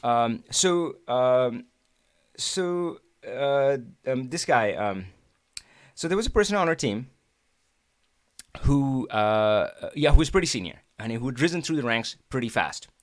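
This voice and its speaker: A man hosting a live stream, telling stories from his old job in a chatty, animated way, with many restarts and laughs. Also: medium pitch, a little slow, no echo, studio quality. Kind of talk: casual live-stream storytelling.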